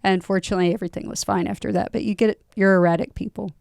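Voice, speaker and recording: A woman chatting casually about poll-watching stories, chiming in with quick agreement. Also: medium pitch, fairly even intonation, gravelly, a little mellow, dry recording, studio quality. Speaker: poll watcher recounting experiences. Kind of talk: casual storytelling chat.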